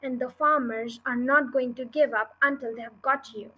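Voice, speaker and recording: A woman voicing an anxious adult male badger in a storybook reading, speaking in a high pleading voice. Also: steady tone, normal speed, sharp tone, rough recording. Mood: worried.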